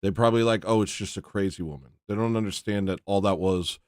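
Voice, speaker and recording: Brief: low-pitched male livestream host, dry close mic, blunt and indignant, rambling between thoughts. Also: fast, darkish tone, no echo. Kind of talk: casual livestream chat.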